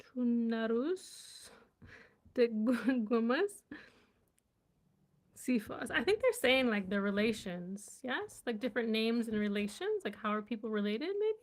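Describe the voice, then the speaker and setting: Slow-talking curious woman, sounding words out. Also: on the high side, sing-song. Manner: curious, sounding out words haltingly, laughing at herself. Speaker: language vlogger. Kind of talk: casual live reading and chat.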